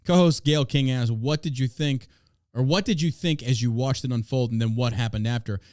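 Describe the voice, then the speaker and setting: A man's voice: medium pitch, steady tone, fairly quick, darkish tone, smooth, no room sound, clean studio sound. Blunt, profane man ranting. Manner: blunt and profane, reading news aloud and ranting. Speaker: podcast host. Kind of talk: casual podcast commentary.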